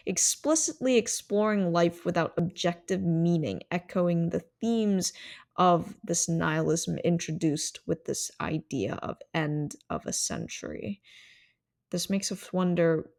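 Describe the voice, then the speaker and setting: A woman's voice: fairly low pitch, gravelly, a little mellow. A woman hosting a solo podcast, explaining ideas in a reflective, thinking-aloud way. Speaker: podcast host.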